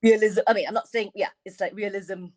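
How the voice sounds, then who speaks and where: A woman in a class group puts her question to the coach, hesitating and circling with fillers as she looks for the right words. Her voice sits at an ordinary middle pitch. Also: steady tone, fairly quick, a little mellow. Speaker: class participant asking a question.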